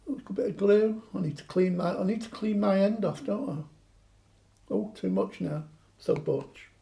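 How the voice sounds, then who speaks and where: A man's voice: high-pitched, gravelly, mellow. A man chatting through a craft demonstration, joking and poking fun at himself. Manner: joking, self-mocking banter.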